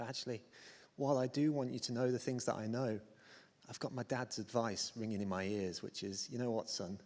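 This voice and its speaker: A man's voice: medium pitch, darkish tone. Chatty British man on a conference stage. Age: 30s. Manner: self-deprecating, chatty, many fillers and restarts. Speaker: conference speaker. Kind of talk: conference keynote talk. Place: large conference hall on stage. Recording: hall reverb from a stage mic.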